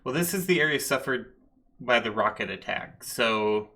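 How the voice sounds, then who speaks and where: A man's voice: mid-range voice, lively intonation, normal speed, sharp tone. A man narrating as game master of a tabletop game, with loose narration full of fillers.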